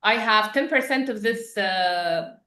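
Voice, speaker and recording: A woman teaching an English vocabulary class, patient and quick with praise as she explains words. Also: mid-range voice, sharp tone, echoey room.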